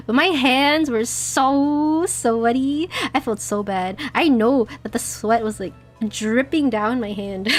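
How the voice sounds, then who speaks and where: A young woman streaming a game, chatting casually in a giggly, rambling, self-deprecating way, her throat a little dry and husky. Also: high voice. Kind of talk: casual gaming stream chat.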